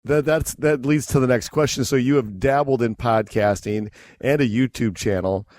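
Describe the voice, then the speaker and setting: A man hosting a podcast, asking questions in a polite, measured way. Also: medium pitch, a little mellow, no echo. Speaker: podcast host. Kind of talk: interview questions.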